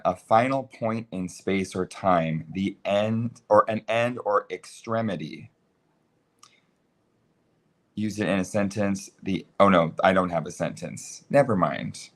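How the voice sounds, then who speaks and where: Young male co-host, easygoing, laughs often, slightly low voice. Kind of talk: casual chat.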